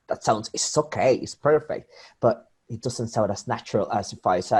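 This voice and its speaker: A man's voice: mid-range voice, normal speed, dark tone, breathy edge. A man teaching an English pronunciation lesson. He repeats example words over and over and often restarts his phrases while he explains.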